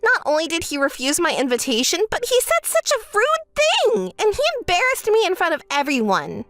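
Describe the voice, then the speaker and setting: A woman's voice: wildly swooping pitch, normal speed, fairly bright tone, no room sound, soft background music, full character voice. A woman voicing a spoiled, self-centered young bride who bosses her sister around, in a texting-story voice-over. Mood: smug. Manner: whiny, bossy, shrill when angry.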